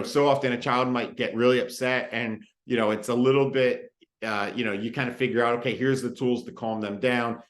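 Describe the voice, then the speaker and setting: A man in his thirties giving a parenting talk, relaxed and conversational with frequent fillers. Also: mid-range voice, reverberant. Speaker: parenting presenter. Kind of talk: recorded parenting talk with personal story.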